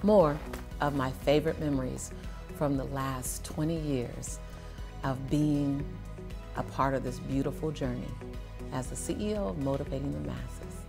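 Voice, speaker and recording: Middle-aged woman telling a story, super animated, laughs a lot, faint music under it. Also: measured pace, gravelly. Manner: lively, laughing, acts out voices with big pitch jumps. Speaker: motivational speaker.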